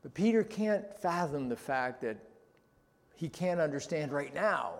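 Male pastor, slow measured sermon delivery, slightly high voice, echoing hall. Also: lively intonation. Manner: slow, deliberate preaching with rhetorical questions. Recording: long reverb in a large hall.

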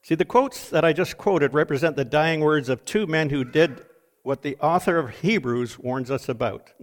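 An older man delivers a sermon in a fairly high-pitched voice. He reads quoted last words with mounting drama, then drops back to a quieter, earnest tone. The delivery is measured and emphatic. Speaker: preacher.

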